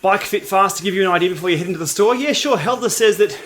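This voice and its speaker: A chatty Australian man with a slightly high voice talks loosely to his livestream audience, reading their comments as he rides. He sounds relaxed and easygoing. A faint steady noise sits under his voice. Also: quick pace. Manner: chatty, laid-back, reads and answers viewer comments. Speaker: cycling livestream host. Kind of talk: casual livestream chat while riding. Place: home training room.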